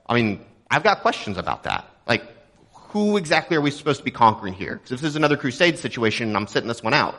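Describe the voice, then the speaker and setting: A young adult man from Texas delivers a sermon in a relaxed, conversational way, with a middling pitch. He jokes with the congregation and keeps asking rhetorical questions. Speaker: pastor. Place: church auditorium.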